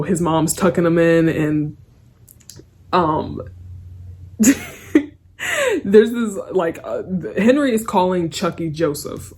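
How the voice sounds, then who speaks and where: A woman's voice: low voice, darkish tone, slight background noise. A young woman giving a casual spoken review of a TV episode, rambling and giggly, with lots of fillers and restarts. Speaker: TV series reviewer.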